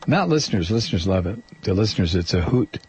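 A man's voice: low-pitched, big pitch swings, quick pace, a little mellow, husky, dry recording. A man hosting a talk radio show, rambling and joking with lots of fillers and restarts. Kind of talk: casual talk radio monologue.

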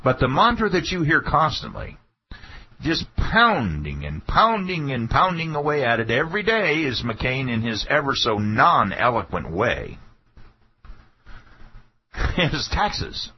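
A man's voice: medium pitch, big pitch swings, unhurried, breathy edge. A man hosting a political talk radio show, delivering a folksy, sarcastic monologue. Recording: dull lo-fi radio broadcast.

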